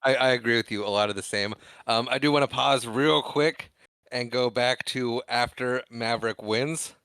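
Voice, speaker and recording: A man's voice: mid-range voice, normal speed, a bit bright, smooth, dry recording. A man co-hosting a podcast, retelling film scenes in casual chat and acting out the lines. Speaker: podcast co-host.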